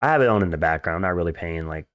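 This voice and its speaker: A man's voice: low-pitched, expressive, rapid-fire, fairly bright tone, dry recording, lo-fi sound. A man live-streaming fights, chatting casually, reading out chat questions and answering them bluntly with crude jokes. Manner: blunt, joking, crude and dismissive.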